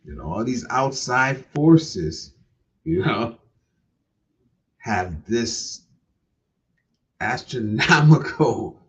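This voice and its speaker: A man hosting a casual livestream, laid-back, repeating his points and often ending with "man". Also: medium pitch. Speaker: livestream host. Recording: distant, dull lo-fi sound.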